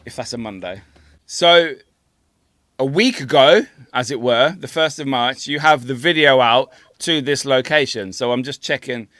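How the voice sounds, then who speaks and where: A man's voice: mid-range voice, moderate pace, fairly bright tone, no room sound, studio quality. A man hosting a podcast, chatty and loose, laughing as he talks. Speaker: podcast host. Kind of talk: casual podcast chat.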